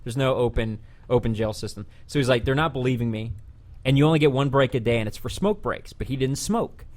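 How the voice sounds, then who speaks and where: A man hosting a laid-back podcast, spinning a long yarn with plenty of swearing. He slips into quoted lines as he goes, with an animated, chatty delivery at an ordinary pitch. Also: brisk. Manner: animated, profane retelling with voiced quotes. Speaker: podcast host. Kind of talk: casual podcast storytelling.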